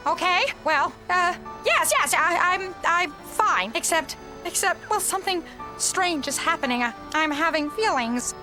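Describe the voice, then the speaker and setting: A woman's voice: very high voice, expressive, unhurried, over music. An actress playing a flustered, earnest cartoon woman who stammers and speechifies.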